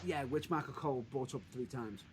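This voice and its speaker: A man co-hosting a casual podcast chat, retelling events in an excitable, animated way. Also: medium pitch, fairly quick, a little hiss or hum. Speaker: podcast co-host.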